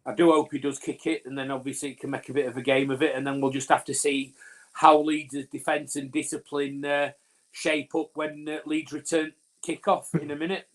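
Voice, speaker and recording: A man's voice: fairly high pitch, level tone, a little fast. A man from Northern England co-hosting a live fan watch-along of a rugby league match, rambling commentary with fillers and restarts. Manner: rambling, talks over his co-host, frequent fillers and restarts.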